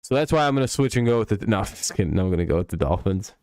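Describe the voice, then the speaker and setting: A man's voice: fairly low pitch, lively intonation, rapid-fire, darkish tone, clear, resonant tone, dry recording, clean studio sound. A man hosting a casual football preview stream, joking and rambling with frequent swearing. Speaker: sports streamer. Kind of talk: casual NFL preview chat.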